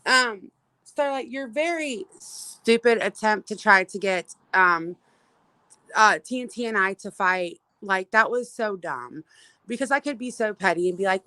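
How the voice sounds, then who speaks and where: A woman's voice: mid-range voice, moderate pace, bright, forceful tone, dry recording, low-quality recording. A woman hosting a casual livestream from outdoors on a phone, greeting viewers and venting in an exasperated, profane way with lots of fillers and restarts. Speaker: livestream host.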